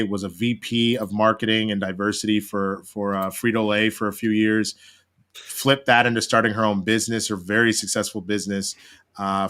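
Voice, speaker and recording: A man from Texas, a guest actor, chatting casually on a video call and telling animated, profane stories. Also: on the low side, clean tone.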